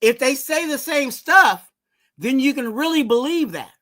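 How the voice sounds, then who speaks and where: A man's voice: extremely high pitch, animated, unhurried, pushed and bright. A man hosting a fan channel, giving casual sports commentary in a rambling way and urging viewers to subscribe.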